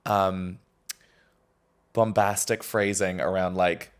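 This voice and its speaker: A man's voice: sits low, level tone, takes it slowly, smooth. A young man co-hosting a podcast in casual chat, rambling and joking with frequent laughs. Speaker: podcast co-host.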